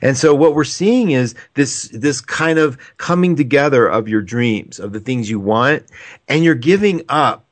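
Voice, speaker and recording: A man hosting an astrology call-in show, talking in a chatty, affectionate, rambling way. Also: mid-range voice. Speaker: radio show host and astrologer. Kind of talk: casual call-in chat.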